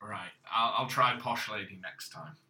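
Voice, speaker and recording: A man's voice: lowish voice, moderate pace, pushed and bright. A man co-hosting a podcast, casually recapping a story with dry, matter-of-fact asides. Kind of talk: casual chat. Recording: echoey room.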